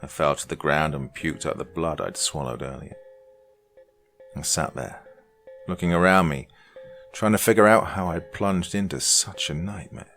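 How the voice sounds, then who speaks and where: Very deep, gravelly horror narrator. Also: male voice, moderate pace, faint music behind. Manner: dark, dramatic reading, dropping to hushed lines. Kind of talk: scripted horror story narration.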